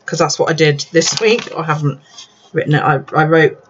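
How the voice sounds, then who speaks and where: A deep-voiced woman, tipsy from drinking, chats casually at a moderate pace while working on her bullet journal, laughing and swearing frequently. The recording is lo-fi and dull, with faint background noise.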